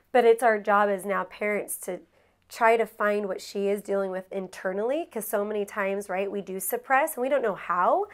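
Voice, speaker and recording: Co-hosting a candid, casual conversation, a woman with a medium-pitched, slightly bright voice shares her marriage story. She comes across as emotional and earnest, laughing a lot, losing her thread, and rambling through frequent restarts.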